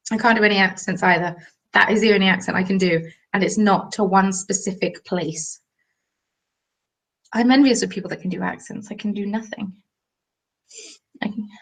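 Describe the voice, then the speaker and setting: Speaking at a medium pitch with a creaky quality, this young English host chats casually while knitting on a livestream. Her talk wanders, and she reads viewer comments aloud as she goes.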